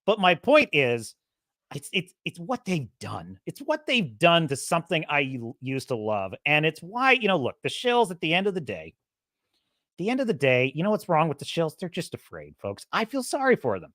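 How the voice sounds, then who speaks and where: A woman's voice: on the low side, sing-song, normal speed, fairly bright tone, no room sound, studio quality. A woman hosting a show, ranting casually and sarcastically, laughing often and doing mocking impressions. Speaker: show host. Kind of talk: casual commentary rant.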